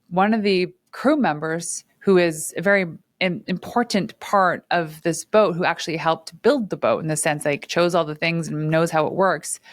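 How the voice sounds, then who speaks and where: Candid businesswoman, low dry voice. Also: no room sound. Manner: candid and animated, acts out quoted dialogue with laughs. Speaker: entrepreneur and channel host. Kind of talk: casual talk to camera. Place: her studio.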